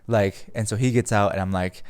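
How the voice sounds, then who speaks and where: Young male podcast host, low and smooth; casual, rambling, swears freely. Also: steady tone, fairly quick, a little mellow, no room sound, studio quality. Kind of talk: casual storytelling.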